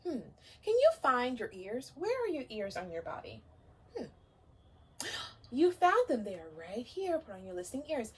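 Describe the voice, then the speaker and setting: A woman teacher leads story time for small children with gentle encouragement. Her voice sits high and swings widely in pitch as she coaxes the kids along. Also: wildly swooping pitch, normal speed, pauses often, husky.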